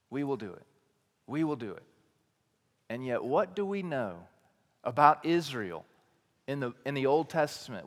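A man preaching as a teaching pastor. He swings between quiet, low emphasis and loud, raised declarations, and he asks a lot of rhetorical questions. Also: big-room sound. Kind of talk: sermon.

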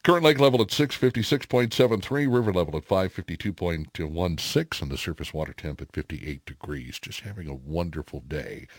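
A man's voice: low-pitched, lively intonation, brisk, hardly any pauses, dry recording, clean studio sound. A middle-aged man hosting a morning radio show, chatting casually with lots of fillers. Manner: chatty, folksy, many fillers. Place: radio studio.

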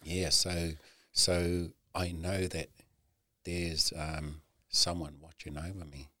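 Deep-voiced man telling his story candidly. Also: level tone, bright, forceful tone, no echo, clean studio sound. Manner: earnest, heavy swearing, halting with many "you know"s. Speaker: guest.

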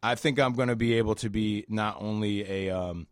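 A man's voice: on the low side, brisk, no echo. Laid-back man in a dry studio. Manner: relaxed, rambling with fillers. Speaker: guest musician and festival organizer. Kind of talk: casual radio interview.

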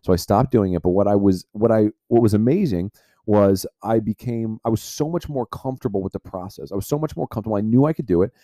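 Low, mellow-voiced man telling a story. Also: fast talker, no room sound. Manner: rambling, heavy use of filler "like". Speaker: podcast host. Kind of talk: personal storytelling.

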